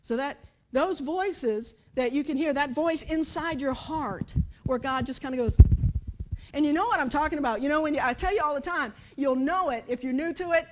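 High-voiced woman preaching with animated energy. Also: normal speed. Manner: animated storytelling, acts out voices, shifts from hushed to loud. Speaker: pastor. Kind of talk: sermon.

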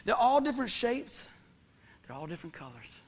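A man preaching a lively sermon, calling out questions to the congregation and repeating his key phrases. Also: extremely high pitch, normal speed.

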